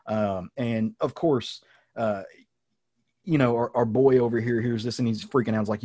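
A man's voice: fairly low pitch, steady tone, normal speed, mellow, no room sound, studio quality. A man hosting a podcast, casually recapping a comic book story in a rambling way with many ums and asides. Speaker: podcast host.

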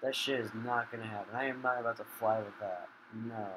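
A man giving casual gaming commentary while he plays, swearing a lot and flaring into loud rage. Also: lowish voice, fairly even intonation, a little fast, noisy background. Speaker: gamer.

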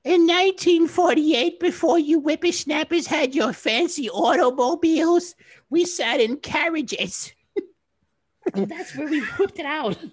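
A man voicing a bawdy, cackling old woman who talks about the old days, with a high crone voice. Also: a little slow, dry recording.

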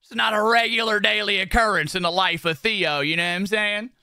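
A man's voice: sits high, fairly even intonation, a little fast, gravelly, bright, forceful tone, clean tone, no echo, studio quality. Slangy, profane young man streaming. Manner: profane, slangy, rambling with repeated phrases. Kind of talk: casual livestream chat while doing makeup.

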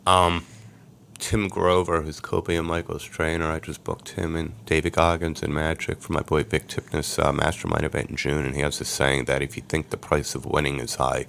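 A man, a podcast guest, telling his life story in a lively way and acting out the voices of people he quotes. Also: extremely low pitch, normal speed, vocal fry, slight background noise. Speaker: podcast guest, sports agent. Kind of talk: storytelling interview.

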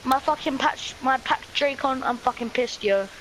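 A man's voice: very high-pitched, normal speed, a bit bright, slight background noise, rough recording. A man, swearing and ranting in casual gaming chat. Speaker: gamer.

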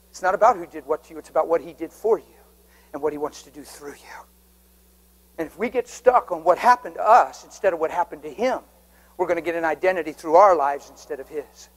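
Impassioned high-voiced preacher. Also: male voice, rough recording. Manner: impassioned, swings from hushed whispers to loud urgent emphasis. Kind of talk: sermon. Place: church sanctuary before a congregation.

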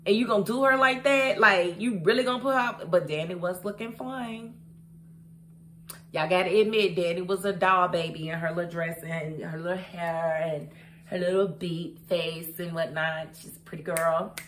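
A woman's voice: lowish voice, fairly even intonation, normal speed, a bit bright, a little hiss or hum. A young adult woman reviewing a TV episode in a casual, sassy way, often talking straight to the characters. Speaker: TV show reviewer. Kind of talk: casual recap and commentary.

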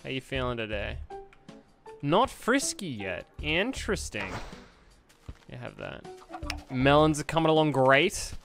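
A man's voice: medium pitch, big pitch swings, measured pace, gravelly, pauses often, fairly bright tone, soft background music. A young man streaming a game, chatting casually with viewers, joking and greeting them with upbeat bursts. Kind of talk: casual gameplay chat with viewers.

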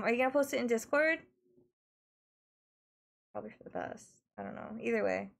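Australian female streamer, casual chat, giggly, a bit high with a gravelly edge. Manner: giggly, flustered, talks to chat.

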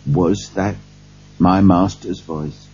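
A man voicing an anxious, loyal middle-aged manservant in a hushed, husky voice. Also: deep voice, fairly even intonation, slow, faint music behind, exaggerated voice. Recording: dull lo-fi recording.

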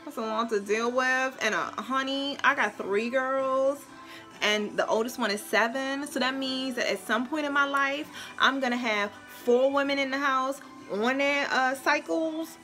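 A woman's voice: high voice, steady tone, unhurried, bright, forceful tone, soft background music. A woman in her thirties with a Brooklyn accent, talking frankly and emphatically in a casual family vlog. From Brooklyn, New York. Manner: frank, emphatic, scolding her small son playfully. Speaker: mom vlogger.

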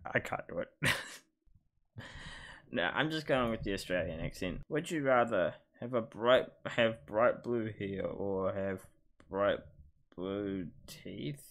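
Gaming YouTuber, male, slightly low-pitched, chatty and hesitant, musing out loud. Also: takes it slowly. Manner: thinks aloud, chatty and hesitant. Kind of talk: casual commentary while playing a quiz.

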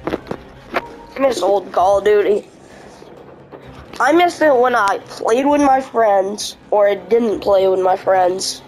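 A woman's voice: medium pitch, darkish tone, rough recording. A woman giving casual gameplay commentary, ranting bluntly about the game as she plays. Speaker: gamer streamer.

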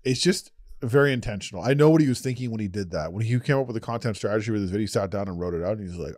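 A man co-hosting a podcast, talking in a loose, casual way. His voice sits a little low, and the sound is dry and close. He laughs a lot and stumbles into repeated words. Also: rapid-fire, darkish tone, no room sound. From Canada. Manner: laughs often, restarts with stammering repeats. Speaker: podcast co-host. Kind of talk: casual chat.

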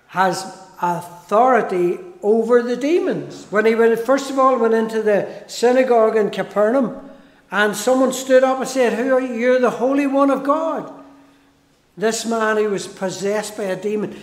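A man preaching a sermon in a church, slow and emphatic, repeating key phrases for weight. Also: high voice. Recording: echoey church hall.

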